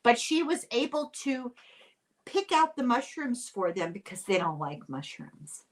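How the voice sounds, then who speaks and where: An older woman from Ireland, hosting a casual podcast chat, animated and quick to laugh. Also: on the high side. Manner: chatty and animated, laughs often. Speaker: podcast host.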